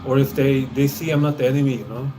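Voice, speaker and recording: Swedish guy streaming, loose and hesitant, average pitch, soft music underneath. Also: fairly even intonation, fast. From Sweden. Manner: rambling, hesitant, with frequent laughs and filler sounds. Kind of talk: casual stream monologue.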